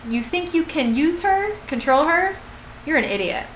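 A woman's voice: sits high, expressive, normal speed, slight background noise, pitched above the performer's own voice. A woman reading the lines of an angry male hunter who is pinned to a wall. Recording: echoey room with faint ambience.

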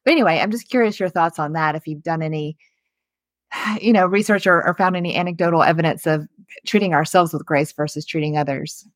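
Chatty young woman host, low-pitched and dry. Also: brisk, dry recording. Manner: eager, chatty, with fillers and laughs. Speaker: podcast host. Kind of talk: casual chat interview.

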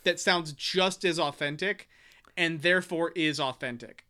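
A man with a bright, ringing voice and a crisp, clean tone, speaking a little higher than most men. He talks in casual conversation, hesitant and full of restarts, and now and then reads lines from a book aloud. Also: measured pace. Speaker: podcast co-host discussing a book. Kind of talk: casual chat.

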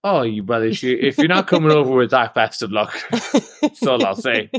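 Young Irish guy, co-host, mid-pitched, jokey and chatty, quick to laugh. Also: expressive. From Ireland. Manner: chatty, teasing, laughs often. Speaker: podcast co-host. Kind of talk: casual chat.

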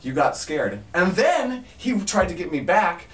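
A man's voice: high voice, a little slow, over a noisy crowd. A man in casual chat, telling prank stories with lots of laughter as a resident of a rehab house. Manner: laughing, animated storytelling. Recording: echoey room, faint ambient noise.

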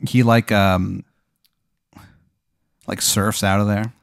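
Creaky and resonant, this host's lowish voice delivers an improvised comedic hypothetical slowly and flatly, yet clearly. The podcast storytelling rambles, is profane and packed with fillers, and features silly voices. The studio audio is clean and echo-free.

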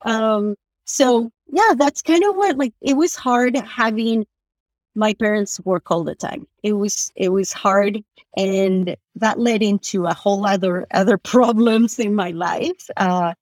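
Speaking as a guest, a woman from Argentina, a native Spanish speaker, shares a personal story in a medium-pitched voice. She comes across as earnest and halting, leaning on "like" a lot. There's no room sound in the dry recording.

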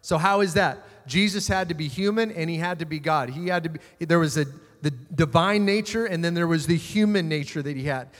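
A man preaching a sermon as pastor, moving between emphatic declarations and quiet asides. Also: fairly high pitch, brisk, hardly any pauses, big-room sound.

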